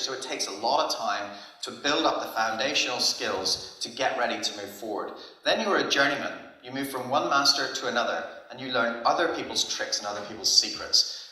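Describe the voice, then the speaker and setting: A man gives a conference talk in a big, echoey hall, with a very bright, forceful tone. He tells stories casually and with energy. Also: medium pitch. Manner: casual, anecdotal, lively storytelling. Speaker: conference speaker.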